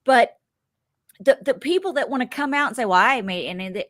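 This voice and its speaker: Woman co-host, casual recap chatter, very lively pitch, laughs a lot. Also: a little fast. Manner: animated, laughs often, acts out quotes. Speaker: podcast co-host. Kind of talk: casual reality-TV recap chat.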